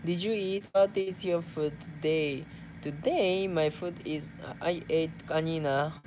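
A Japanese man with a Japanese accent chats casually through fan messages for his vlog. He talks slowly and playfully, laughs easily, and drops Tagalog fillers into his English. A faint hum sits behind him. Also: fairly high pitch, steady tone, a little mellow. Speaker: vlogger.

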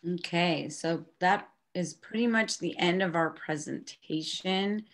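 Female workshop presenter; lower voice, relaxed and friendly. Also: measured pace. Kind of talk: online conference session.

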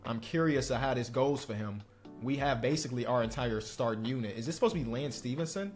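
A young man giving excitable live commentary while playing a basketball video game, swinging between hyped shouts and quiet muttering. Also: mid-range voice, fast talker, faint music behind. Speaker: gaming streamer.

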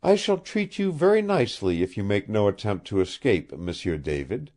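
A man's voice: on the low side, very animated, moderate pace, darkish tone. A man reading the part of an earnest, innocent young woman who holds a prisoner, speaking with childlike sincerity. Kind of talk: audiobook character reading.

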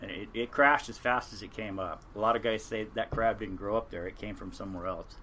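A man's voice: fairly low pitch, brisk, bright, forceful tone, slight background noise. An older man, a former fishing captain, telling stories from his working years in a casual podcast interview, rambling and earnest with frequent restarts.

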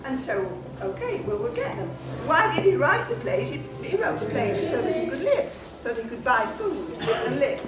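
A woman giving a chatty, joking curtain speech to a theatre audience, and reciting a sonnet slowly. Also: high-pitched, sing-song. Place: large theatre hall indoors. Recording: echoey hall from far off with music.

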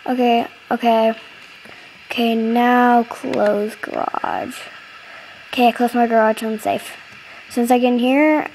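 High-voiced woman chatting over gameplay. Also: a little hiss or hum, low-quality recording. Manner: chatty, giggly, easily startled. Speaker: gaming channel host. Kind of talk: casual gameplay commentary. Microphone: computer mic, close.

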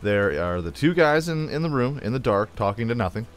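A man's voice: medium pitch, animated, a little fast. A young man hosting a gameplay video, telling rambling jokey stories into a desk mic while he plays, with little sound effects. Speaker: let's play host. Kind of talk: casual gameplay chat. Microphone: desk microphone.

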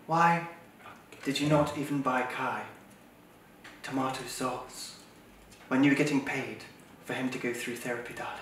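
An actor playing a snobbish, condescending upper-class nanny who talks down to everyone and calls them darling. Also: male voice, mid-range voice, steady tone, normal speed, long pauses, fairly bright tone, far from the mic, natural voice. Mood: patronising. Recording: echoey room, off-mic, faint noise.

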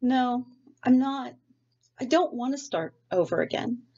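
A woman's voice: fairly high pitch, expressive, a little slow, warm tone, muffled recording, pitched above the performer's own voice. A woman voicing a sulky, anxious woman who whines like a reluctant child, read aloud from a storybook. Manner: whiny, reluctant.

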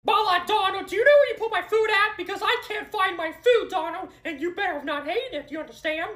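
A woman's voice: very high voice, fast, reverberant. A woman voicing a cranky, hot-tempered male cartoon mouse who scolds and demands in a fan-made skit. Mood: bossy. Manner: scolding, demanding, yells when angry.

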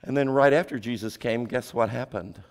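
A male preacher giving a sermon, asking the congregation rhetorical questions and dropping his voice low for emphasis. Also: normal speed. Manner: drops pitch and volume for emphasis.

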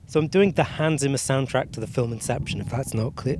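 A man telling a long, rambling joke as a scripted comic monologue in a deadpan way. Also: mid-range voice, a little fast, slight background noise. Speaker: comedian, narrator.

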